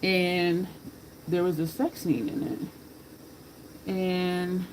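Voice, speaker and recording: A woman's voice: on the low side, level tone, extremely slow, darkish tone, slight background noise, low-quality recording. A woman chatting casually while she does her makeup, rambling from story to story, laughing and cursing freely. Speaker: makeup vlogger.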